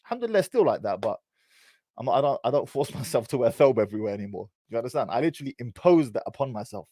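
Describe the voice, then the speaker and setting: Animated British man, slangy storyteller. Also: medium pitch, quick pace, no echo. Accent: British, English. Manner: animated, teasing, heavy on slang. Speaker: vlogger. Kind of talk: casual storytelling monologue.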